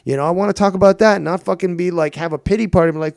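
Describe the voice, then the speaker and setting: A man's voice: high voice, rapid-fire, vocal fry, darkish tone, no echo, studio quality. A middle-aged man hosting a live stream, ranting with lots of swearing and mocking others in whiny put-on quotes. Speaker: streamer and show host.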